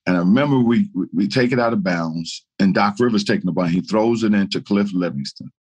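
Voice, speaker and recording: Animated older man telling stories. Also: fairly low pitch, a little fast. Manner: animated storyteller, laughing through anecdotes. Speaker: guest, retired basketball player. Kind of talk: casual storytelling chat.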